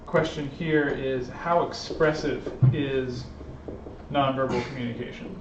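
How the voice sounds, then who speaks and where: A man's voice: mid-range voice, steady tone, a little slow, distant mic, background noise. A man giving an informal lecture to a small group, thinking aloud with frequent fillers and restarts. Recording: roomy, dull lo-fi room recording.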